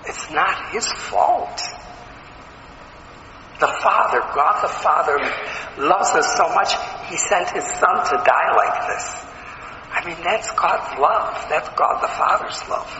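A man's voice: a little high, bright, forceful tone, slight background noise. A man preaching a sermon, earnest and emphatic, asking his listeners questions. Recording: echoey hall, slightly dull sound.

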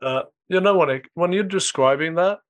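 A man's voice: sits high, moderate pace, no room sound, highs cut off. A man hosting an interview over a video call, speaking reflectively with frequent fillers. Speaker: host. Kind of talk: casual interview chat.

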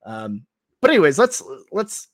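Young man, podcast host, lively pitch, filler-heavy casual chat, dry close sound. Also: normal speed, no room sound. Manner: hedging, filler-heavy, steering the talk.

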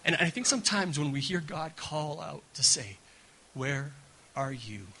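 A man preaching at a church gathering with a bright, forward tone, sitting slightly high for a male voice. He is animated and conversational, often repeating words as he restarts. He keeps checking in with his listeners. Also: normal speed, vocal fry, poor audio. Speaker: guest pastor. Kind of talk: sermon.

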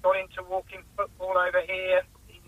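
A man calls in to a radio show for a phone interview, his high-pitched voice monotone and fairly quick. He sounds hesitant and uses many fillers, and the phone line is muffled.

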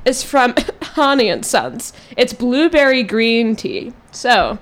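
A woman's voice: on the high side, sing-song, takes it slowly. A young woman in college age hosting a casual chat podcast, bubbly and giggly. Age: young adult. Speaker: podcast host.

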